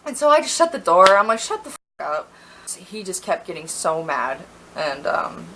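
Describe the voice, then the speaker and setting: A woman's voice: on the low side, pushed and bright, slight background noise, rough recording. A young woman in a storytime vlog, ranting heatedly with lots of fillers and sounding a little tipsy.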